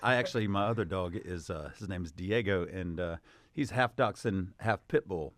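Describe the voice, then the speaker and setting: Low-voiced male guest, relaxed and wry, close dry mic. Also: moderate pace, no room sound. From South Carolina, USA. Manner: easygoing, wry, dry humor. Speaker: musician guest. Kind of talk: casual interview chat.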